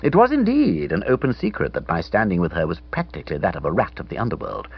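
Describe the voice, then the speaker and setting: A male narrator reads a comic first-person story in a wry, theatrical style, his low voice swinging widely in pitch. The tone is somewhat husky, and the recording sounds dull and lo-fi. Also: wildly swooping pitch, quick pace. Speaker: audiobook narrator.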